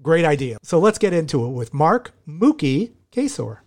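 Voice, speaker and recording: A man's voice: fairly high pitch, sing-song, normal speed, a little mellow, dry recording, clean studio sound. Chatty male podcast co-host. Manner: laughs often, chatty. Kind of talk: casual chat. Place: home studio, remote recording.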